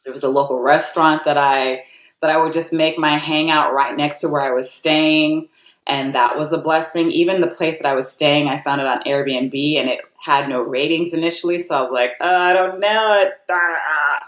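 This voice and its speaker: A chatty American woman with a low voice tells a personal story, peppering it with "like" and acting out what people said. The sound has a noticeable roomy echo around it. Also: steady tone, moderate pace. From United States. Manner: chatty, lots of "like", acts out quotes in a higher voice. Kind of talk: casual storytelling.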